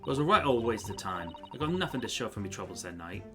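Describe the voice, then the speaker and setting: A brash Cockney street girl, a proud pickpocket who taunts the grown-ups around her, as a man puts her on while reading a game aloud. Her speech jumps up and down with lively swings. Game music plays clearly behind her. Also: lowish voice, fast talker. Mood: recounting.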